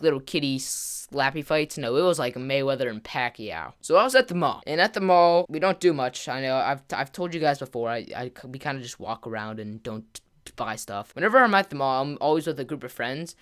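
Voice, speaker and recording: A man's voice: a little high, fairly bright tone, smooth. A man, a gaming vlogger, telling a story to camera in a rambling way, full of "like" fillers and restarts.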